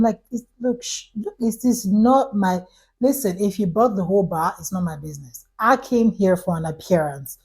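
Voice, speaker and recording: A young woman vlogger telling an animated, exasperated storytime, quoting everyone in the story and saying "like" often. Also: medium pitch, moderate pace, husky, poor audio. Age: young adult. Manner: animated, exasperated storytelling with quoted dialogue and frequent "like". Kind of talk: storytime vlog.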